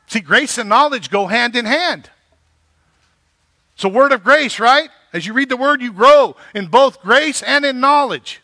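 A man's voice: very high-pitched, animated, moderate pace, pushed and bright, dry recording. A male pastor preaching a sermon, building emphasis and checking in with the congregation. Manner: preaching with rising emphasis and repeated "right?".

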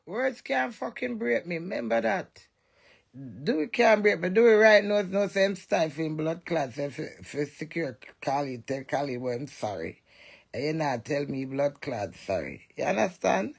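A woman's voice: fairly low pitch, creaky, breathy edge. A woman with a Jamaican accent, ranting and cussing defiantly in a monologue to camera. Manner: loud, cussing, defiant rant. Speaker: vlogger.

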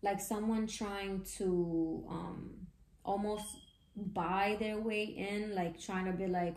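A woman giving a casual tarot reading, chatty and excitable, with slangy talk and frequent laughs. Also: medium pitch, slow, reverberant. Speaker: tarot reader.

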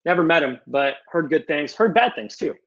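A young man answering audience questions casually on a video call, loose and animated, with some swearing. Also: fairly high pitch, normal speed, gravelly. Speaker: guest speaker. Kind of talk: casual Q&A on a webinar. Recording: muffled lo-fi video call audio.

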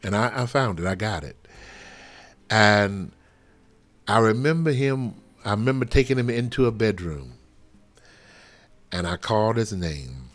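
A man leading a live prophetic prayer over a livestream, fervent and swinging from soft murmurs to loud exclamations. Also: fairly low pitch, expressive, a little slow, long pauses. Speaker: pastor. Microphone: livestream webcam.

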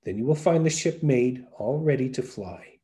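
A man's voice: medium pitch, animated, moderate pace, mellow, natural voice. A man voicing a kind, wise ancient old man in a folktale reading. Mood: advising.

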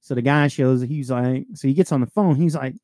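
A man's voice: mid-range voice, brisk, no room sound. A man co-hosting a police podcast tells war stories in loose, profane chat. He swears freely and laughs as he goes. The sound is dry and close. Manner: profane, laughing, animated storyteller. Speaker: podcast co-host, police sergeant. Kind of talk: casual storytelling chat.

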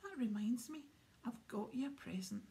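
A woman voicing a huge, soft-hearted grown male groundskeeper with rough, blunt speech in a storybook reading. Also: fairly high pitch, expressive, moderate pace. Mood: gruff.

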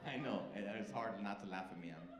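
A man's voice: lowish voice, fast talker. A male stand-up comedian doing brash, profane, teasing crowd work on a club stage. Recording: echoey club with crowd noise.

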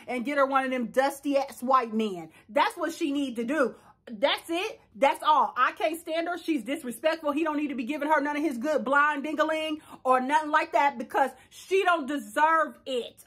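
A young woman, giving a sassy, animated casual recap of a reality show and talking straight to the viewer. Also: high voice.

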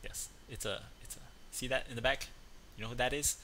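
Bright-voiced man chatting playfully. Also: mid-range voice, steady tone, fairly quick, a little hiss or hum. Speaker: host. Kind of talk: casual chat, telling a joke.

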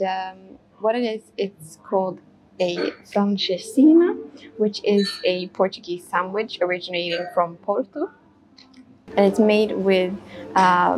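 A woman narrating a casual travel vlog while walking around a city, relaxed, with plenty of ums and uhs. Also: medium pitch. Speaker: travel vlogger. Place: outdoors in a city.

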